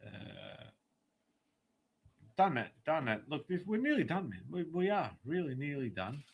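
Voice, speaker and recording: A man's voice: fairly high pitch, sing-song, measured pace, creaky, slightly rough, poor audio. A man hosting a podcast, swearing and joking as he reads out chat messages. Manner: sweary, joking, mock-tough. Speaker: podcast host. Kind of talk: casual banter, reading chat messages.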